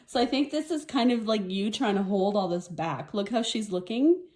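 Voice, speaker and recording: Woman tarot reader, mellow dark voice, emotional and sniffly, casual reflective delivery. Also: medium pitch, lively intonation, moderate pace, few pauses. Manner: soft-spoken, emotional, reflective, with sniffles and laughs. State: teary, sniffling. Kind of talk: casual tarot reading to camera.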